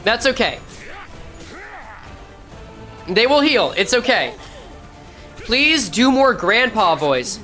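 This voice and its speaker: A woman's voice: fairly high pitch, big pitch swings, takes it slowly, long pauses, fairly bright tone, soft background music. A woman streamer giving casual gameplay commentary, thinking aloud and correcting herself as she goes. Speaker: game streamer.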